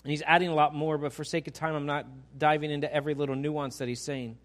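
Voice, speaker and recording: A man's voice: on the high side, flat delivery, fast talker. A man preaching a sermon, asking the congregation questions and building to emphatic peaks. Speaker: pastor.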